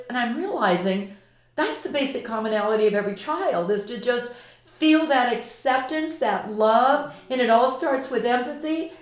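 A woman's voice: on the high side, lively intonation, moderate pace. A woman author and expert guest in a podcast interview, telling a vivid story with passion. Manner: impassioned, vivid anecdotal storyteller. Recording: echoey room recording.

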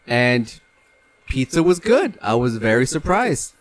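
A man's voice: medium pitch, very animated, a little slow. A young man from California chatting on a podcast, rambling loosely, swearing casually and laughing easily. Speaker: podcast co-host. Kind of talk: casual chat.

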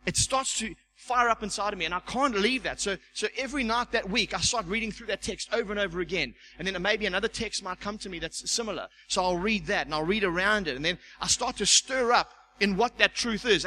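A man preaching a sermon as pastor, animated, stumbling over repeated words and acting out the voices he quotes. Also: high-pitched, slight background noise, low-quality recording. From South Africa.

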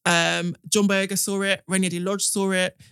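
A British woman hosting a podcast, telling stories and giving opinions in an animated, casual way. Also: medium pitch, moderate pace, smooth, no room sound, studio quality. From United Kingdom. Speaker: podcast host.

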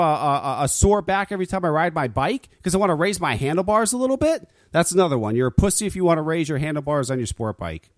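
A man's voice: on the high side, animated, quick pace, few pauses, no echo, studio quality. A man hosting a talk radio show, ranting casually with lots of swearing and stammered restarts. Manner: profane, stammering rants.

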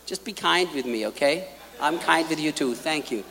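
A man preaching a sermon in a large hall, emphatic, repeating key lines and swinging between quiet asides and loud peaks. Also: a little high, lively intonation, normal speed, gravelly. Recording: long hall reverb.

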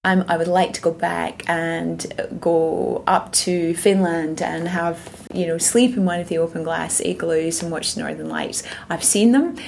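A Scottish woman talks as a guest in a relaxed interview, circling her thoughts with ums and restarts. Her voice has a gravelly edge and sits on the low side. A faint hiss runs under her speech. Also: measured pace, few pauses. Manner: reflective, rambling with ums and restarts. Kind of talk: casual interview chat.

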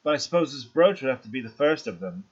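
A flirtatious, coy woman who deals in shady business, as a man puts her on at a tabletop game. She purrs her lines with playful teasing in a husky voice. The recording is dull and lo-fi. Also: mid-range voice, very animated, fast talker, voice pushed up. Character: flirtatious, coy woman dealer in a fantasy city.

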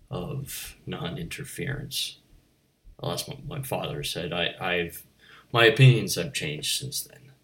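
A man delivering a rambling, absurdist comic monologue to the camera, wandering between mock-philosophical musings and stammering restarts. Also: fairly low pitch. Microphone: on camera, speaking to viewers.

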